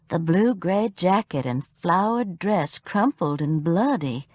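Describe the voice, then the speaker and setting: A woman narrates a cozy mystery audiobook in the first person, wry and unhurried. Her voice is mid-pitched yet animated, moving freely up and down. The recording is close and dry. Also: no room sound. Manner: wry, storytelling.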